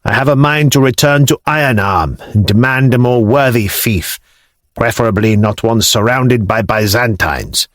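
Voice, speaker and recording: A man voicing an older male Norman lord with a deep voice, blunt and commanding in manner. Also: normal speed, fairly bright tone, no echo, clean studio sound, close to an everyday voice. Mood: friendly, decisive.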